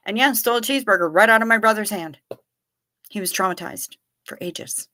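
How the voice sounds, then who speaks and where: A woman's voice: medium pitch, moderate pace, pauses often, fairly bright tone, dry recording, studio quality. A woman hosting a livestream, telling rambling stories with wry asides and answering her chat casually. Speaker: livestream host.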